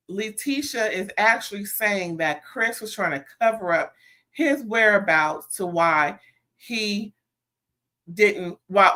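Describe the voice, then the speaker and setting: Sassy woman recapping reality TV live. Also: mid-range voice. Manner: animated, sassy, talks straight to viewers. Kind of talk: casual live recap to viewers.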